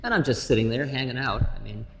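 A man's voice: mid-range voice, lively intonation, quick pace, fairly bright tone, slight background noise. Wry man talking in a reverberant hall. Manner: wry, laughing, musing, playful asides. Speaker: spiritual lecturer. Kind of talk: storytelling talk.

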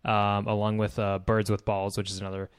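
A man's voice: fairly low pitch, monotone, a little fast, smooth, dry recording, clean studio sound. A young man co-hosting a casual podcast, easygoing and rambling as he talks. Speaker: podcast co-host. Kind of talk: casual chat.

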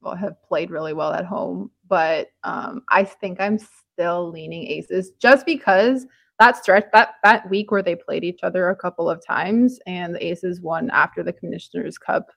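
A woman's voice: fairly low pitch, measured pace, gravelly, fairly bright tone, no echo. A young woman from Toronto co-hosting a podcast, chatting casually with lots of "like" and "um". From Toronto, Canada. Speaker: podcast co-host. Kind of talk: casual sports chat.

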